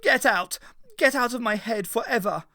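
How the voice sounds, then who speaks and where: A man reading aloud, voicing a furious, possessive young male villain who shouts shrilly. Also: extremely high pitch, normal speed, dry recording, studio quality, pitched above the performer's own voice, exaggerated voice. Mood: raging.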